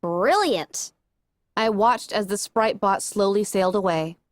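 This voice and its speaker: A woman reading a first-person fan fiction story aloud with expressive narration. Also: medium pitch, normal speed, dry recording. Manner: expressive, animated. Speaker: audiobook reader.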